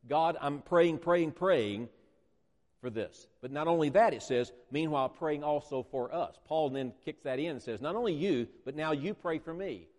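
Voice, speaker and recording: A man preaching a sermon to a congregation, emphatic and repetitive, slowing down to stress key words. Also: on the high side, a little mellow. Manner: emphatic, repeats phrases, stretches words for emphasis. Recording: echoey church hall.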